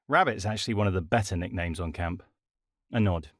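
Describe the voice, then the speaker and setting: Wry male audiobook narrator, low voice. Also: fairly quick, fairly bright tone, no room sound, studio quality. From Britain. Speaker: author and narrator.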